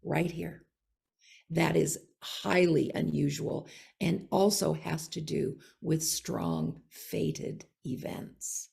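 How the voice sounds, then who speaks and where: Gravelly, mellow-voiced woman astrologer. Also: deep voice, fairly even intonation, takes it slowly. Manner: explanatory, with frequent "you know" and "okay?". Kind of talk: casual conversation.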